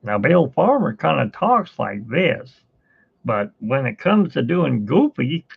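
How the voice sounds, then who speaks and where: A man's voice: mid-range voice, sing-song, slow pace, vocal fry, breathy edge, no echo. A man hosting a live art stream who chats casually while he draws. He rambles, with asides and fillers. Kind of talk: casual chat while drawing. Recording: tinny phone-like sound.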